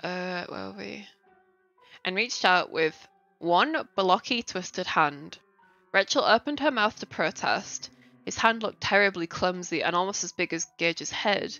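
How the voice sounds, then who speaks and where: A woman's voice: fairly low pitch, animated, unhurried, bright, forceful tone, dry recording, muffled recording, soft background music. A woman streamer reading a novel aloud on a casual live stream, breaking off for chatty, swearing asides. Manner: chatty asides, swears, laughs between passages.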